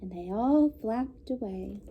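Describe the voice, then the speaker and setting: A woman teacher reading a picture book aloud to young students, pausing to comment and explain. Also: medium pitch, animated, dull audio, slight background noise. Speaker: elementary school teacher. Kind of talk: children's read-aloud.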